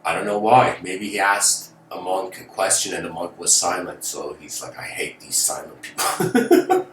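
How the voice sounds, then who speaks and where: Low voiced guy telling a story in a lecture, casual and rambly, echoey room, mic far off. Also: normal speed, a bit bright. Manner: casual, rambling, with fillers like "you know". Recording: roomy, distant mic, faint noise.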